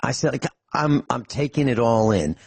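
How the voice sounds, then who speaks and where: A middle-aged man chats on a talk radio show, his voice slightly husky and close to a dry studio mic. He rambles through stories with many restarts and slips in dry jokes. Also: medium pitch, lively intonation, moderate pace, dry recording. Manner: rambling storyteller, frequent restarts, dry humor. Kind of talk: casual radio chat.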